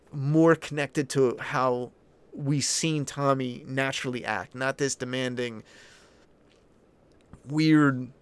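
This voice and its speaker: A man's voice: mid-range voice, clean tone, no echo. A man hosting a casual opinion commentary, answering viewer chat in a blunt, ranting way with frequent swearing. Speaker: channel host.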